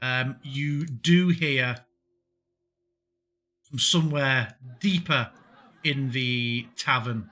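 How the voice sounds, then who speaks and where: Bright-voiced man running a tabletop game. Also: mid-range voice, very slow, long pauses, faint music behind. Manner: descriptive, with frequent fillers and restarts. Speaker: game master.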